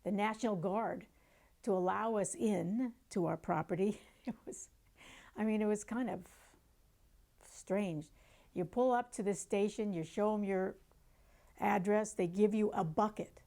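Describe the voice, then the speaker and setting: A woman who survived a wildfire, slowly and wryly describing going back to her property. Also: mid-range voice, vocal fry, dark tone. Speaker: fire survivor interviewee. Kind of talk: personal storytelling.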